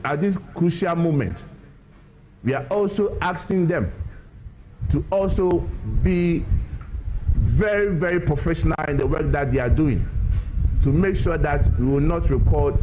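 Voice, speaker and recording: A man giving a formal press statement as a party spokesman, making measured appeals. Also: fairly high pitch, a little mellow, a little hiss or hum, low-quality recording.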